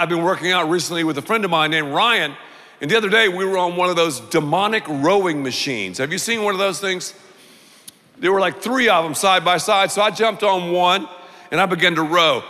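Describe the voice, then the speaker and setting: A male pastor delivering a sermon in a big church auditorium, his bright, high voice carrying a long reverb from the room. He tells stories animatedly and acts out his own inner thoughts. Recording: long reverb of a large hall.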